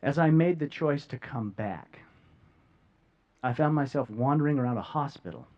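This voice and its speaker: A man speaks from a stage to an audience in a middle-pitched voice, earnest and heartfelt. He halts often, repeating words and pausing long. The sound is slightly dull and lo-fi. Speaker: speaker sharing a near-death experience. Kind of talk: emotional public talk to an audience. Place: stage before a live audience.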